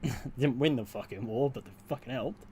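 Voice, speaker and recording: A man's voice: medium pitch, brisk, warm tone, a little hiss or hum. A young British man, a streamer chatting casually with his viewers, blunt and sweary with dry asides. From United Kingdom. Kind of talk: casual livestream chat, answering viewers.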